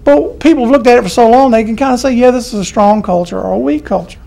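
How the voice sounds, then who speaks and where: Southern professor, middle-aged man, gravelly, folksy classroom talk. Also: very high voice, fast, dark tone. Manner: chatty, folksy, repeats key points. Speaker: college professor. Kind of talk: classroom lecture.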